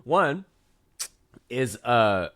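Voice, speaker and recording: A man's voice: medium pitch, big pitch swings, extremely slow, fairly bright tone, no echo. A man hosting a casual podcast, telling a story animatedly and laughing often while acting out other people's lines. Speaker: podcast host and touring musician.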